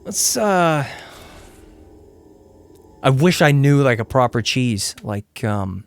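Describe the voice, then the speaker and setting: A man streaming a video game with casual commentary, excitable, swearing and begging his character to survive. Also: medium pitch, slow. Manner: excitable, begs and yells at the game, swears freely.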